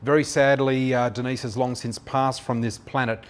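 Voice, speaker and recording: An Australian man in his fifties, a psychic flower reader telling his story in a chatty, anecdotal way with many filler pauses. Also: medium pitch, level tone. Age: 50s. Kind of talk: personal storytelling monologue.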